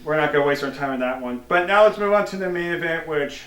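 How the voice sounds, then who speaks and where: A man's voice: a little high, animated, fast, fairly bright tone. A man co-hosting a casual wrestling review, steering the talk along. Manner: casual, keeps the talk moving. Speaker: podcast co-host. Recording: echoey room, mic far off.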